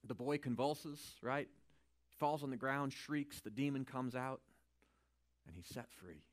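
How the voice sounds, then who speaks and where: Animated man teaching the Bible. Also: mid-range voice, measured pace. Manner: animated, swinging from quiet asides to loud emphasis; informal, checks in with "right?".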